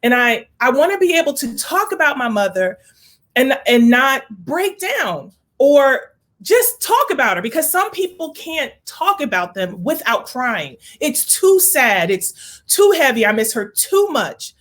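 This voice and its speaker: A woman's voice: high-pitched, big pitch swings, a little slow, a bit bright. A woman hosting a heartfelt conversation, speaking earnestly and with emotion, slipping into prayerful pleading. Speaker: host.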